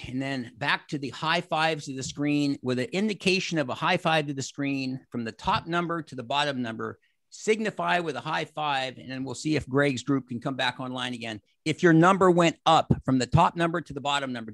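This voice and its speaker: An animated man in his sixties talks to a group over a video call. His voice sits a touch high with a gravelly edge. The sound is close and dry, with no room around it. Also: a little fast, dry recording. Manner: animated, acts out quoted exchanges. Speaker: motivational speaker. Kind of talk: energetic motivational talk.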